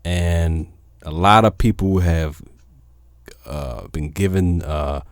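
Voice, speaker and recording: A man, a DJ talking casually to his viewers, filling pauses with "um", then turning animated and emphatic. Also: sits low, dry recording, studio quality. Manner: laid-back with many fillers, then animated and emphatic. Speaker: DJ and vlogger. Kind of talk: casual talk to camera.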